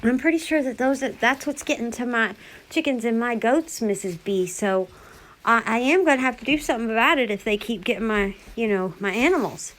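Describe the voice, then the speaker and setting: A woman's voice: on the high side, fairly quick, fairly bright tone, voice pushed up, lightly acted, poor audio. A woman voicing a worried, earnest rural neighbor who pleads and insists. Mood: pleading.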